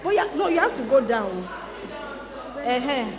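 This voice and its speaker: A woman with a fairly high voice preaches to a room of students, playful and teasing as she talks. Her words bounce around an echoey large hall with a long reverb tail. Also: big pitch swings, slow, crowd noise. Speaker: guest speaker at a student boot camp. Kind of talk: lively motivational sermon.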